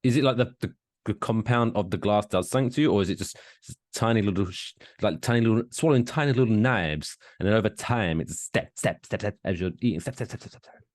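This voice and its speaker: A man's voice: fairly low pitch, quick pace, dry recording, studio quality. A man, co-hosting a casual podcast with jokes and swearing. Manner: animated, swearing, jokey. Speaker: podcast co-host.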